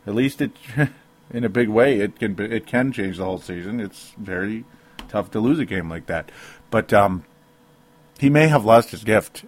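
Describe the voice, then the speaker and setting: A man's voice: fairly low pitch, lively intonation, normal speed. A man hosting a sports talk show alone, ranting with emotion, rambling and interrupting himself with small laughs. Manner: rambling, self-interrupting, laughs between points. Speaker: sports talk podcast host. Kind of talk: emotional solo sports rant.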